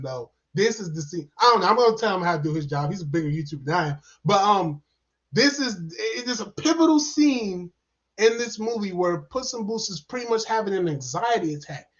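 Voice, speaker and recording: A man giving a casual, rambling movie review, excitable and full of fillers and repeated words. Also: sits high, moderate pace. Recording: dull lo-fi sound.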